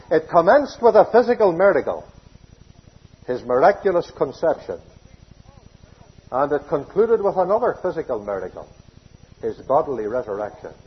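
A man preaching a sermon, emphatic, with loud declarations that drop to hushed phrases. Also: high-pitched, breathy edge. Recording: dull lo-fi sermon recording.

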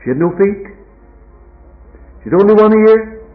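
An older man preaching a sermon, with a slow, dramatic delivery that rises high and drops to a hush. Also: lively intonation. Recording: tinny phone-like recording.

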